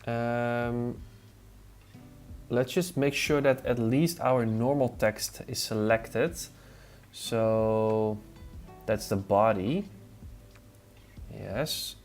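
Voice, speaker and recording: A mid-range male voice with drawn-out words and long pauses. The man is streaming casually while testing design software, talking quietly to himself and answering chat between tasks as relaxed music plays.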